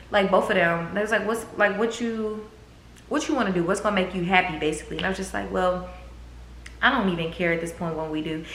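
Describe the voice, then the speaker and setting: Young female vlogger, low-ish voice, candid storytime, echoey room, faint hiss. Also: fairly bright tone. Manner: candid, profane, drawling, quotes others in a raised voice. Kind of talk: casual storytime.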